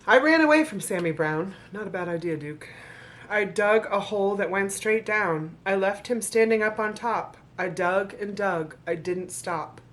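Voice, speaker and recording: A woman's voice: mid-range voice, normal speed. A woman reads a children's book aloud in rhyme, breaking off often for sarcastic, playful comments to her viewers. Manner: sarcastic, playful commentary between read lines. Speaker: vlogger reading a children's book. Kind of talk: reading aloud with joking asides.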